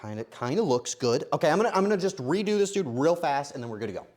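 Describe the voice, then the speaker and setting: A man live-streaming himself baking, joking to his chat and swinging between quiet mutters and loud outbursts. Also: fairly high pitch, sing-song, fast. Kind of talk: casual live-stream commentary while baking.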